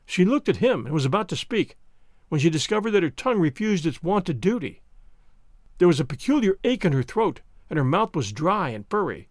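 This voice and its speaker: A man narrating a novel as an expressive, dramatic audiobook reading. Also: a little high, a little fast, no echo, studio quality.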